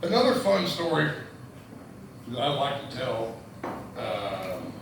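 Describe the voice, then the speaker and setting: Gravelly man doing stand-up. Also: medium pitch, big pitch swings, takes it slowly, distant mic. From Indianapolis, USA. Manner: profane, rambling, stammering restarts. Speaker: stand-up comedian. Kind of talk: stand-up storytelling. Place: comedy club stage. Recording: echoey room mic heard from afar with noise.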